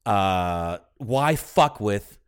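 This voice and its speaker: A man's voice: fairly low pitch, expressive, drawn-out words, smooth. A man co-hosting a casual podcast, chiming in with blunt, profane jokes. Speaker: podcast co-host. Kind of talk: casual chat.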